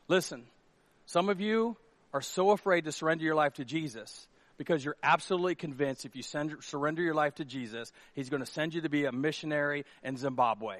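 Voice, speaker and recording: A middle-aged man preaching a sermon as pastor, animated and jokey, slipping into quick acted asides. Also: a little high, dry recording.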